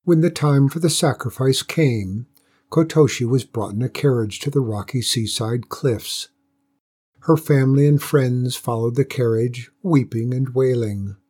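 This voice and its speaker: A man reads a folktale aloud at a measured, gentle pace. His voice is dark and mellow, with a husky grain running through it. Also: medium pitch. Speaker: narrator. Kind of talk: storybook reading.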